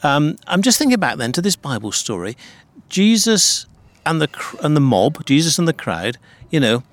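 Lively, curious British male presenter. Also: on the high side, moderate pace, no echo. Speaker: presenter interviewer. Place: hilltop cliff edge outdoors.

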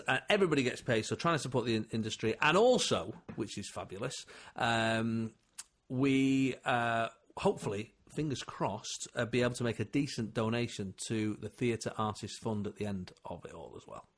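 Animated man telling stories. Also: mid-range voice. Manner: animated, laughing storyteller. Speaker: comedian guest. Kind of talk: casual chat.

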